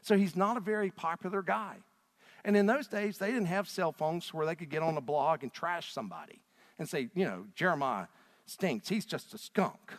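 A middle-aged man preaching a sermon as pastor, animated and rising to loud, emotional peaks as he reads scripture aloud. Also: high voice, fairly quick. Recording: long hall reverb.

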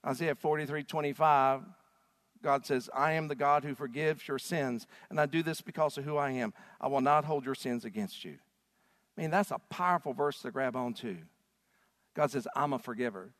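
A man preaching a sermon as a pastor, swinging from hushed lines to loud call-and-response with the congregation. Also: mid-range voice, normal speed, in a large hall.

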